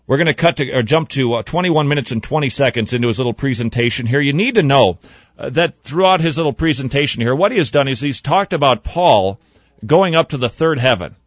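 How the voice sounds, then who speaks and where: A man hosting a radio talk show, commenting sarcastically on sermon clips and swinging between loud remarks and hushed asides. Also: mid-range voice, no room sound, muffled recording.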